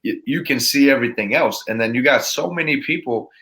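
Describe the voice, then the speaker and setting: A man talking as a podcast guest with a motivational speaker's energy. He rambles and restarts his sentences, and his voice stays at a middle pitch. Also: fairly quick, fairly bright tone. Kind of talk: casual interview chat.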